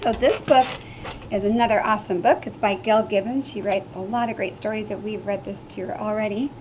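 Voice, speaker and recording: A woman teacher reading a picture book aloud to children, making loud high animal sounds. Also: steady tone, a little fast, slight background noise.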